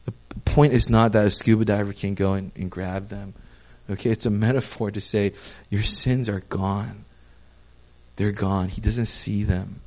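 Earnest pastor preaching, hushed to fervent. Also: male voice, fairly low pitch, fairly even intonation, measured pace. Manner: earnest, stammering restarts, swings from hushed to fervent. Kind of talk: sermon.

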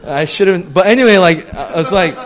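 A young male preacher with a slightly high voice talks to his congregation in an easygoing, conversational way. He tells stories in a lively manner and scatters "um" and "like" through his speech. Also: moderate pace. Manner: chatty, many fillers like "um" and "like", animated storytelling. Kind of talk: casual conversational sermon.

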